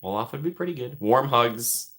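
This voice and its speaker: A man hosting a live stream, rambling casually and joking as he thinks out loud while reading the chat. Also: mid-range voice, animated, moderate pace.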